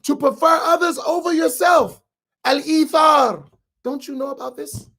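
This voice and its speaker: A man with an American accent, an imam preaching a sermon with rising shouts and repeated rhetorical questions. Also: very high voice, a little slow, gravelly. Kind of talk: impassioned sermon.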